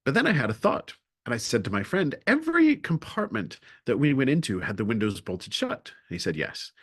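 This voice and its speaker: A man presenting a webinar, telling a comic story with lively timing and then turning to his main points. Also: mid-range voice, fairly quick. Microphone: video call.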